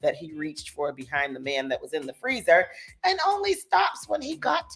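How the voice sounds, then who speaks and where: A woman's voice: low-pitched, huge pitch swings, moderate pace, vocal fry, a bit bright, breathy edge. A woman co-hosting a morning radio show, reading news and bantering playfully. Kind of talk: casual chat and news reading.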